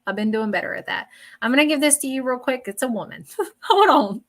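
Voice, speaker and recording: A woman's voice: fairly high pitch, expressive, fast, creaky. Chatty woman giving a psychic reading. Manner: blunt, chatty, keeps checking in with "okay?". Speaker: psychic medium. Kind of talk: live-streamed psychic reading.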